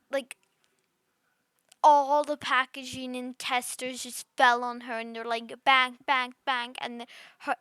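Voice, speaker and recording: A woman's voice: sits high, a bit bright, dry recording. A woman voicing a rude, bratty girl under ten who rambles smugly through her story with constant fillers. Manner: smug, gleeful. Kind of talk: voice role-play storytime.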